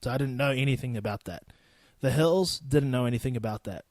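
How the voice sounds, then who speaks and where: Talking fairly quickly in a darkish, mid-range voice, a twenty-something New Zealander runs his own casual solo podcast. He is loose, profane and prone to rambling. No room sound is audible.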